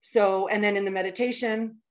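Woman in her fifties, interview guest, heartfelt storytelling, lots of fillers, mid pitch. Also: fairly even intonation, fairly quick. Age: 50s. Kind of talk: personal storytelling in conversation.

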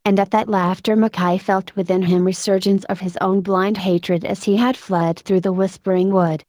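A woman narrating a story in a steady, even storytelling manner. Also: mid-range voice, normal speed, no room sound, clean studio sound. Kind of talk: audiobook narration.

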